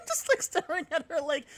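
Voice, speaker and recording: A male streamer giving excitable, joking live game commentary and swearing freely. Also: very high voice, normal speed. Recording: stream with game music behind.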